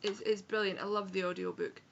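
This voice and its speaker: A woman's voice: mid-range voice, brisk, muffled recording, slight background noise. Chatty Edinburgh-accented woman vlogger. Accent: Scottish, Edinburgh. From Scotland. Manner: chatty, frank, sprinkled with swearing and self-corrections. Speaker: book vlogger. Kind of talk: casual book review vlog. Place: home room on a rainy day.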